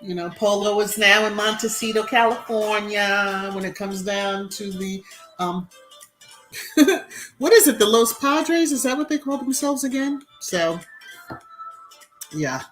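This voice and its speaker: Slow, chatty woman hosting a live stream. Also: mid-range voice, faint music behind. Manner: greets viewers by name between asides, chatty and relaxed. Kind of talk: casual live-stream chat.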